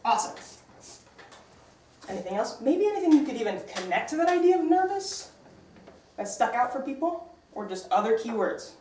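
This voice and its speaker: Woman english teacher quizzing her class, brisk and upbeat, bit high voice, picked up from across an echoey room. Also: sing-song, dark tone, distant mic, slight background noise.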